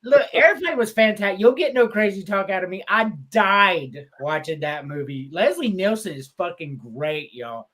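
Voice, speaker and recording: A man co-hosting a podcast, recounting stories in a profane, laughing rush. His pitch is lively and keeps swinging up and down as he gets carried away. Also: moderate pace, few pauses. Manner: animated, profane storytelling with laughter. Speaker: podcast co-host. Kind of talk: casual podcast chat.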